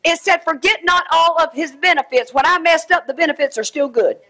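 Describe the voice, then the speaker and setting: A middle-aged woman preaching a sermon, swinging between shouted exhortation and quiet asides. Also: very high-pitched, brisk.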